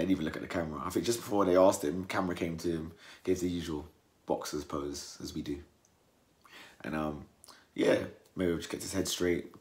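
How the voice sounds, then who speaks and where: A young man from England, giving a casual post-fight reaction and acting out the fighters in mocking voices. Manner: animated, acts out fighters' words in mocking high voices. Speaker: boxing commentator.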